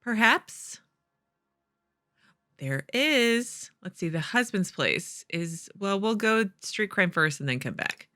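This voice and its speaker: A woman's voice: mid-range voice, very animated, takes it slowly, bright, forceful tone. A young woman streamer chatting and giggling as she plays through a detective game and comments along. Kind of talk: let's play commentary.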